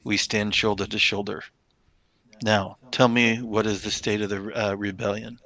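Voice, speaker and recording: A man voicing a solemn male warrior who speaks formally and in measured words in a tabletop game. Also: fairly low pitch, little pitch movement, sharp tone.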